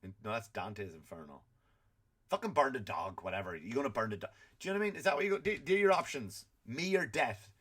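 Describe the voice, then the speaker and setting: A man's voice: medium pitch, sing-song, fast talker, fairly bright tone, husky. A middle-aged man hosting a comedy podcast, ranting in an exasperated, profane way and acting out quotes. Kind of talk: comic rant.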